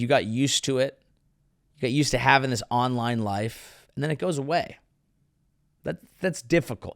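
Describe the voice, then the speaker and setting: A man's voice: medium pitch, fairly bright tone, no room sound, clean studio sound. A man hosting his own comedy show, delivering a sarcastic, riffing monologue. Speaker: comedian host.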